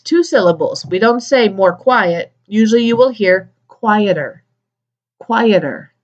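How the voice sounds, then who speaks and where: A woman teaching English to adult learners, repeating each word slowly and clearly, with small playful asides. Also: medium pitch. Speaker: ESOL teacher. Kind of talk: slow, clearly enunciated classroom teaching. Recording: slightly dull lo-fi recording.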